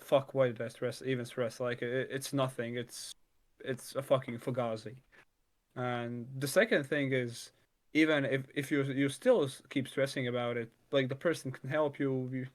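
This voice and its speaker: A man in an easygoing chat, thinking out loud as he goes. He circles back on himself, stacking fillers and false starts, and drops the odd curse without a second thought. His pitch sits right in the middle of the usual male range. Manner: rambling, many restarts and "like" fillers, swears casually. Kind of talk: casual conversation.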